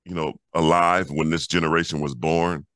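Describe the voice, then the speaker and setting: Very low-voiced animated man. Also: normal speed, no room sound, clean studio sound. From Los Angeles, USA. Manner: animated storyteller, repeats words when excited. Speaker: co-host, former pro basketball player. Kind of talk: casual podcast chat.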